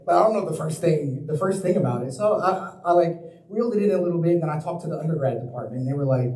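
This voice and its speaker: A man's voice: a little high, fast talker, hardly any pauses, mellow. A young man giving a public talk as a guest speaker, telling his own story in a casual, conversational way. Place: planetarium lecture hall. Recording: roomy hall, mic at a distance.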